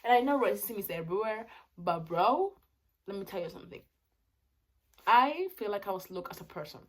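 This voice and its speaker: A young woman in her twenties records a casual vlog monologue on her phone. Spanish is her first language, and she talks in English at an ordinary pitch for a woman. She swings from loud, excited outbursts to soft, thoughtful musing. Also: fairly quick. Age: 20s. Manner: expressive, swings between loud excited bursts and quiet reflective talk. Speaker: vlogger.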